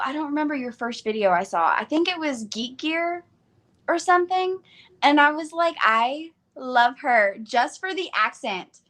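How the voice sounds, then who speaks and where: High-voiced Southern American woman, chatty. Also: fairly bright tone. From southern United States. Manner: chatty, giggly, lots of "like" fillers. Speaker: readathon co-host. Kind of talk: casual live-stream chat.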